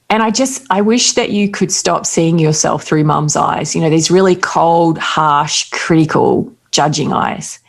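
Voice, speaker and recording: A middle-aged woman with an Australian accent talks in a fairly low voice. She tells a personal story candidly in relaxed conversation, with quick asides. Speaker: guest. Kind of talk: casual conversation.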